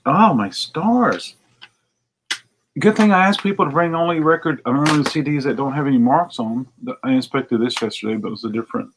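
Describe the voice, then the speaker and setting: An American record store owner chats casually to a video audience in his shop while inspecting used CDs, rambling and muttering asides to himself. His voice is medium-pitched against a noisy background.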